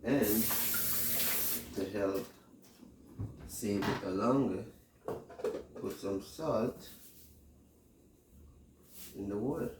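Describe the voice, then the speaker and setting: Slow-talking Jamaican man in echoey kitchen. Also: fairly low pitch. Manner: slow, chatty, addresses viewers directly. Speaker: cooking vlogger. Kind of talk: casual cooking demonstration. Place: home kitchen. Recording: echoey kitchen, mic far off, background noise.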